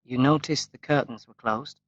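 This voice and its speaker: A man voicing a grieving young man in an audiobook, speaking softly and quietly. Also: mid-range voice, moderate pace, no room sound, highs cut off, lightly acted. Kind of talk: audiobook character voice.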